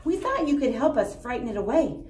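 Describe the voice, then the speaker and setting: A woman voicing a worried, timid male bear in a children's storybook, speaking in a hushed whisper. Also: high voice, big pitch swings, fairly quick, reverberant, voice pushed up. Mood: hopeful.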